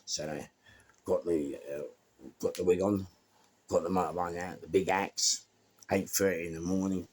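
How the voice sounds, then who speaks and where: Gravelly-voiced London man telling stories. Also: low-pitched, moderate pace, pauses often. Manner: lively, slangy storytelling that acts out quotes. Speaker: storyteller. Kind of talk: casual spoken anecdote.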